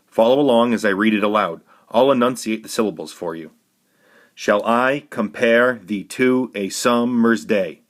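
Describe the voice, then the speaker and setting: This is a recorded classroom lesson given by a male teacher with a lower voice. His delivery is clear, measured, and instructive.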